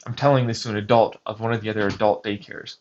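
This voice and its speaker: A man's voice: fairly low pitch, little pitch movement, fast, darkish tone, a little hiss or hum. A man vlogging outdoors on a hiking trail, rambling through a personal story with lots of swearing and restarts. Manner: rambling, profane, restarts often. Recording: muffled lo-fi recording.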